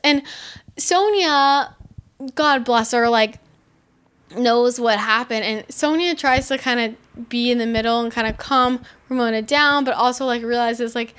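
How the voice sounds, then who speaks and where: A woman casually recapping a reality show, animated and exasperated, swearing freely and saying "like" constantly. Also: on the high side, smooth. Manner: animated, swearing, heavy use of "like"; exasperated, sarcastic commentary. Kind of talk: casual chat.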